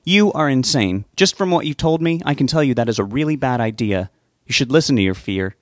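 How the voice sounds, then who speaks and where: A man reading an audiobook, voicing a blunt, protective young woman friend with a sharp, sarcastic edge. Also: medium pitch, animated, brisk, no echo, studio quality, natural voice. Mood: incredulous. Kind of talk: audiobook character voice.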